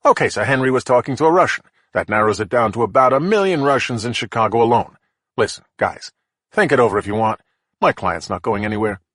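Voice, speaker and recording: Brief: narrator doing a cool lawyer driving a hard bargain, level and dry. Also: male voice, mid-range voice, lively intonation, quick pace, fairly bright tone, no room sound. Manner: unflappable, bargaining. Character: cool, deadpan male defense lawyer. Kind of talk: audiobook character voice.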